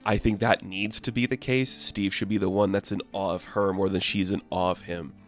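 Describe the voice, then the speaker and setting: A man's voice: low-pitched, fairly even intonation, normal speed. A man giving a casual, rambling comic book review, full of fillers and amused asides.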